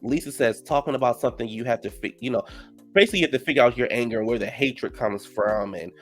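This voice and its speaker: A man giving a casual, sassy recap of a reality show, acting out the cast members' lines in a raised, animated voice. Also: mid-range voice, quick pace, faint music behind. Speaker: show reviewer.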